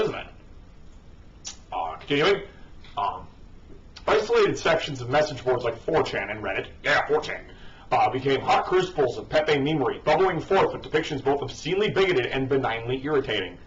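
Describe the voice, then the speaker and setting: A man's voice: mid-range voice, animated, a little fast. Sarcastic man ranting over a muffled mic. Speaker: online commentator. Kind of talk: reading an article aloud with mocking asides. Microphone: cheap microphone. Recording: dull distant lo-fi home mic.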